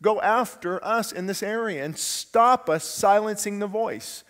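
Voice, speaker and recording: A man's voice: sits high, unhurried, fairly bright tone. A man preaching a sermon as pastor, earnest and conversational, asking the congregation rhetorical questions. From California, USA. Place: church sanctuary. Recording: long church hall reverb.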